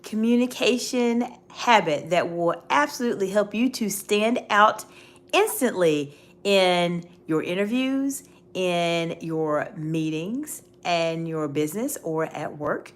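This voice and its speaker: A woman's voice: fairly low pitch, lively intonation, slow pace. Emphatic middle-aged woman coach. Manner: emphatic, addresses viewers directly with questions. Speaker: executive communication coach. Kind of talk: livestream coaching talk.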